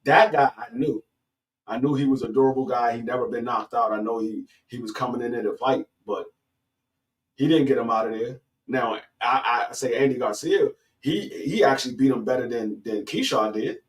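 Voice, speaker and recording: Man in casual boxing talk, halting, restarts a lot, climbs high when arguing, a bit far from the mic. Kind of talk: casual sports chat.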